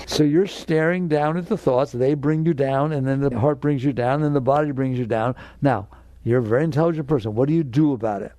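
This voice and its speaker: A man's voice: medium pitch, normal speed, mellow. An older man giving a spiritual talk to an audience, direct and emphatic, sometimes acting out inner voices. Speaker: spiritual teacher.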